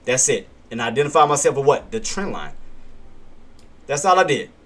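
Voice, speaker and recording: A man's voice: mid-range voice, animated, moderate pace, fairly bright tone. A man hosting a live day-trading stream, walking viewers through price levels. He repeats himself, asks questions and answers them, and punctuates his calls with "bam" and a chuckle. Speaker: day-trading livestream host. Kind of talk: live market commentary.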